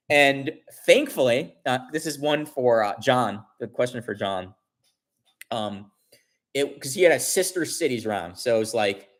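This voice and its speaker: Rambling man chatting on a livestream. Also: medium pitch. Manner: rambling, many restarts, animated retelling. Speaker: livestream host. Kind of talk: casual livestream chat.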